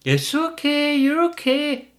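A man mocks a doting dog owner soothing her pet. The voice jumps into a high, sing-song falsetto, far above his normal voice. It coos softly and keeps reassuring. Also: sing-song, takes it slowly, heavily acted. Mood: cooing.

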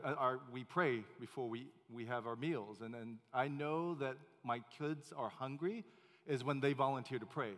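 Male pastor, chatty sermon delivery full of fillers, average pitch, echoing sanctuary sound. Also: a bit bright. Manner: conversational with many fillers and restarts. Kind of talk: sermon storytelling. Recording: long hall reverb.

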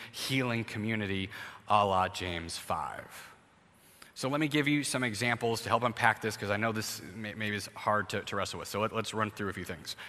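A man's voice: lowish voice, pushed and bright. A man preaching a conversational sermon as pastor, acting out everyday scenes as he goes. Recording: long hall reverb.

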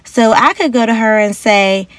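A young woman hosting a motivational podcast in a casual, chatty and upbeat way, now and then acting out quotes in a higher voice. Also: moderate pace, dry recording. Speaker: podcast host.

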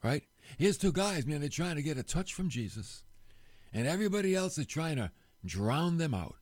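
A man giving a casual sermon, telling a Bible story with rhetorical questions and quick voiced asides. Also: a little high, big pitch swings, a little mellow, dry recording. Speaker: preacher.

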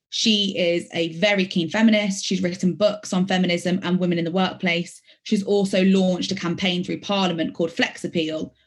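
A woman in her late twenties from Birmingham, with a faint Birmingham accent, giving earnest, reflective interview answers as a barrister and sometimes correcting herself mid-sentence. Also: mid-range voice. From Birmingham, England. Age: late 20s. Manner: earnest, reflective, with some self-correcting restarts. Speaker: barrister, podcast guest.

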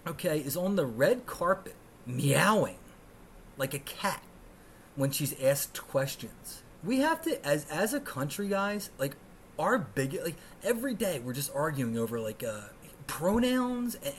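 A man's voice: fairly high pitch, sing-song, a little slow, slight background noise. A man in his thirties from the United States, hosting his podcast alone in a profane, sarcastic rant. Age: 30s. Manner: ranting, sarcastic and profane, swinging between mutters and outbursts. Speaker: podcast host.

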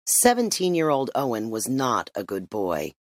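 Man, audiobook narrator, steady, measured, middle pitch, dry close recording. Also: no echo.

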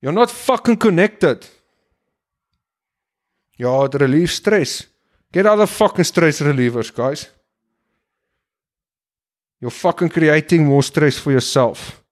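A man's voice: a little high, expressive, takes it slowly, long pauses. A man delivering an impassioned, blunt and heavily profane monologue as a podcast host.

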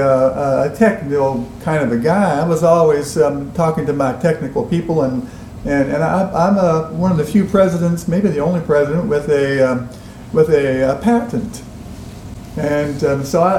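A man doing a folksy, halting Abraham Lincoln with a Southern backwoods drawl, his voice sitting a little high for a man. He stumbles through fillers and restarts. The echoey room has a faint hum of ambience behind him. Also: darkish tone, close to an everyday voice. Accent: Southern American. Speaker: podcast guest.

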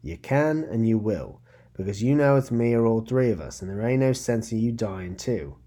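A man's voice: lowish voice, expressive, moderate pace, warm tone. A man voicing a tough, defiant young woman gang leader who talks in coarse slang, curt and grim.

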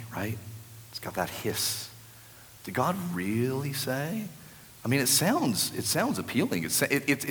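Emphatic preacher in a reverberant hall. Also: male voice, fairly low pitch, a bit bright. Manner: emphatic preacher, drops to a hissing whisper for the serpent. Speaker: pastor. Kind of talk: sermon. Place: church sanctuary.

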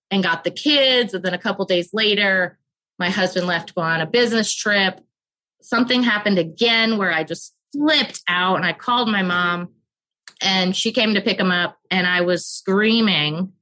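Bright-voiced woman telling a raw personal story. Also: mid-range voice, poor audio. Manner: earnest and open, rushes through emotional parts. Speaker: podcast guest.

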